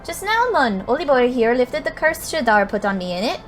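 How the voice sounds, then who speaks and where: A woman's voice: a little high, normal speed, soft background music. A woman voicing a chatty, cheeky male fairy sidekick in a game, with a wobbly put-on Scottish accent. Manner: lively, inconsistent put-on brogue.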